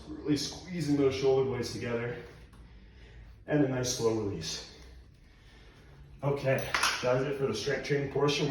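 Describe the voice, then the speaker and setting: A man's voice: mid-range voice, a little mellow, distant mic. A male personal trainer giving workout instructions while he demonstrates the moves, out of breath. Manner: coaching cues while demonstrating exercises. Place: room at home. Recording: very echoey room, voice off-mic.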